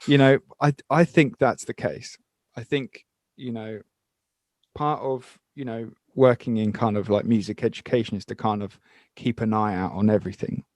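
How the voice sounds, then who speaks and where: A man from Brighton hosting a podcast, chatting loosely and swearing freely. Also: fairly low pitch, steady tone, normal speed, no room sound. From Brighton, England. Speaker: podcast host. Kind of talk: casual interview chat.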